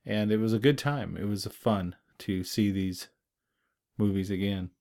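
A male podcast host wrapping up an episode in an easygoing, relaxed way. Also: on the low side, a little slow. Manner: relaxed, easygoing with small laughs. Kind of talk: casual podcast outro. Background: soft guitar theme music.

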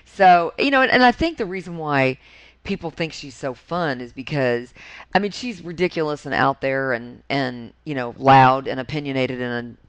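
A woman with a Southern US accent, a voice actor chatting as a podcast guest, animated and laughing often. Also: a bass voice, normal speed, clean tone, no room sound. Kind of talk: casual podcast chat.

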